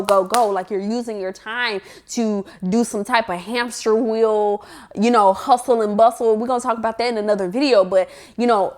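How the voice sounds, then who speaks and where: A young woman with an African American English accent giving casual life advice, animated and playful, acting out little scenes with sing-song interjections. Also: on the high side. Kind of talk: casual advice talk to camera.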